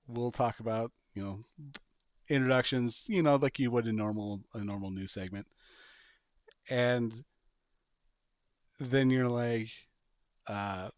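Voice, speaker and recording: A man hosting a podcast, chatting casually and pitching a sketch idea with animated storytelling and bursts of laughter. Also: dry recording, studio quality. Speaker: podcast host. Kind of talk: casual chat.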